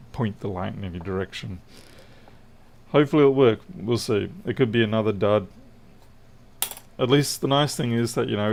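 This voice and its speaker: Here a middle-aged Australian electronics repair streamer chats casually and pokes fun at himself during a livestream in his indoor workshop. He has a lowish, darkish voice with vocal fry, and there's a little hiss or hum.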